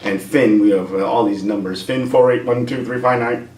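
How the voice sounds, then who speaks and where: A man's voice: mid-range voice, normal speed, far from the mic. A man giving a joking, ranting movie review as the host of his own channel. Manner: animated, joking rant. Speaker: YouTube comedian and reviewer. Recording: roomy echo, off-mic.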